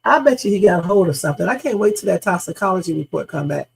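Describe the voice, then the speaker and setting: A woman's voice: lowish voice, lively intonation, fast, gravelly, a little mellow, slightly rough, rough recording. A woman hosting a live reaction stream, speculating emphatically with casual slang and repeating her points. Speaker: livestream host.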